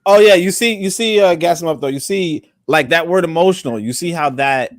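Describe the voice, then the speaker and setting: A man's voice: on the high side, brisk, no room sound, studio quality. A man hosting a livestream podcast, talking in a loose, rambling way with many fillers and asides. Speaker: podcast host. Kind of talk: casual livestream talk.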